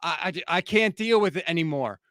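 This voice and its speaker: A man with a notably high-pitched voice tears into a post-game reaction as a fired-up sports podcast host. He rants with heat and exasperation, and the sound is close and dry with almost no room around it. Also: lively intonation, brisk, bright, forceful tone, no echo. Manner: fired-up, heated ranting.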